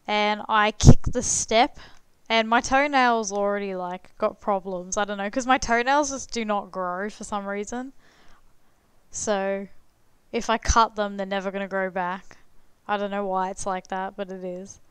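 A woman's voice: medium pitch, steady tone, unhurried, a bit bright, clean tone, no echo. A young adult woman streamer telling a story casually while playing a game, chatty and swearing freely, full of "like" fillers.

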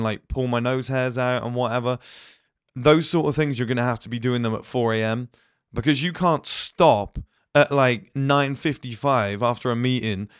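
A man's voice: medium pitch, clear, resonant tone, dry recording, studio quality. A man who says he is ill, giving a blunt motivational talk to his viewers and acting out little quotes along the way. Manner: blunt, rapid asides and acted-out quotes. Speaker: host. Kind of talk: motivational monologue.

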